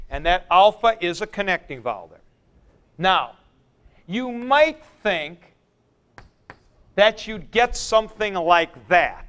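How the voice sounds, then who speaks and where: A male teacher gives a classroom lecture at an unhurried pace. His voice sits fairly high for a man and comes through smooth and clean. He thinks aloud and repeats key points for emphasis as he works at the board. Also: big pitch swings, fairly bright tone. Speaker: Greek teacher.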